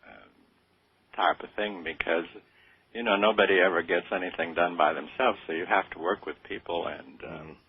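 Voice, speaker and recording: A man's voice: sits low, steady tone, normal speed, husky, dry recording. An older man being interviewed on radio, speaking modestly and hesitantly, with many fillers and restarts. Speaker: interview guest. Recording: tinny phone-like radio sound.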